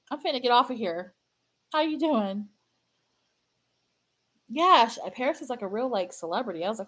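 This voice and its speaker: A woman hosting her own fan channel, chatting casually and sadly to viewers, halting and repeating herself with many fillers. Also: fairly high pitch, animated, a bit bright, rough recording. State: sad, grieving. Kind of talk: casual livestream chat to viewers.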